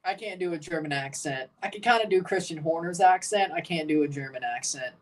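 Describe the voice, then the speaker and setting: A man's voice: a little high, brisk, hardly any pauses. Rambling, sarcastic male streamer. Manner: rambling, sarcastic, swears freely. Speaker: streamer hosting a watchalong. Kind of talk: casual live reaction chat.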